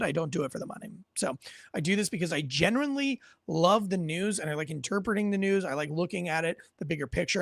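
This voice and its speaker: A man's voice: fairly high pitch, vocal fry, a bit bright, no echo. A man hosting a podcast in a casual, rambling storytelling way, often restarting his sentences. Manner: rambling, self-correcting storyteller. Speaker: podcast host.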